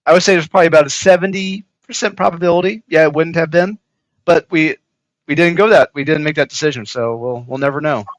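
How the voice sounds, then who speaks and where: A comic creator talks as an interview guest, with a fairly high voice for a man, recorded dry and close. He hesitates often and fills gaps with "uh" as he searches for words. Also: quick pace, dry recording, low-quality recording. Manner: hesitant, lots of "uh" fillers and restarts. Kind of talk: casual interview conversation.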